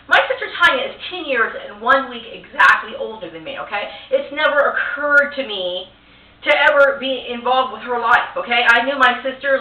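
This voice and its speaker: A woman's voice: a little high, sharp tone. A woman giving an agitated personal rant to camera. She keeps circling back to the same complaints and ends her sentences with a pleading "okay?". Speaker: vlogger. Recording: echoey, phone-like sound from a distant mic.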